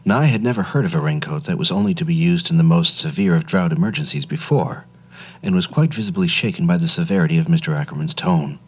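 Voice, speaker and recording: A man narrating a storybook radio drama in a gentle, measured way. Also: low-pitched, breathy edge, rough recording.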